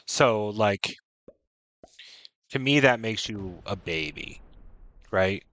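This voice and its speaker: A man's voice: on the low side, takes it slowly, pauses often, a bit bright, no room sound. A man streaming a strategy game, giving frank, chatty commentary full of "right?" and "you know". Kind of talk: casual gameplay commentary.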